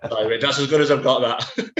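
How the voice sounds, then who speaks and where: A man hosting an interview podcast with a bright, forceful voice. He talks chattily and enthusiastically, with many fillers. The audio sounds roomy and dull, like a remote call. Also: medium pitch, steady tone, a little fast. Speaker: podcast host. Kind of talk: casual interview chat.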